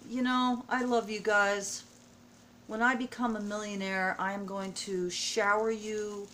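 A woman's voice: mid-range voice, flat delivery, measured pace, fairly bright tone, a little hiss or hum. A middle-aged woman vlogging at home, opening a package with gushing, emotional exclamations. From United States. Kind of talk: casual vlog unboxing. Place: at home indoors.

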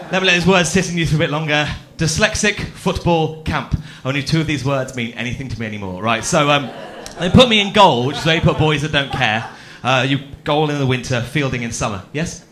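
A man's voice: on the high side, a bit bright. A young man from Birmingham doing a stand-up set on a festival stage, chatty, camp and self-mocking, teasing the audience. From Birmingham, England. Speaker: stand-up comedian. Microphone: handheld stage mic on a cable.

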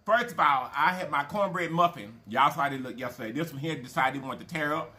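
A man hosts a mukbang channel, a casual eating show, in a folksy, chatty style, calling viewers y'all and baby and humming over his food. His voice is on the high side, fairly quick, and sharp in tone.

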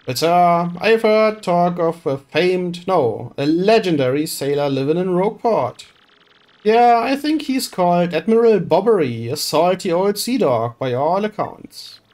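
A streamer reading game dialogue aloud and voicing an eager, deferential sailor with rough, folksy speech. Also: medium pitch, expressive, measured pace, a little mellow, lightly acted.

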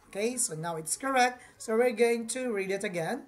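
A woman's voice: fairly high pitch, animated, moderate pace. A woman teaching an English grammar lesson, patiently repeating each point and addressing her viewers as class.

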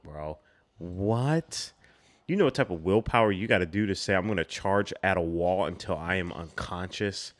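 A man's voice: low-pitched, moderate pace, fairly bright tone, slight background noise. A man hosting a reaction video, exclaiming and chatting in casual slang about what he watches.

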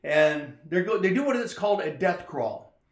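High-voiced pastor in an echoey room. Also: male voice, normal speed. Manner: animated storyteller, acts out quoted lines louder. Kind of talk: informal sermon, retelling a movie scene.

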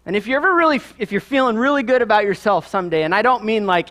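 Racing along in a high, sharp-toned voice, a Midwestern American pastor preaches a sermon. He tells it like a story, conversational and dotted with asides.

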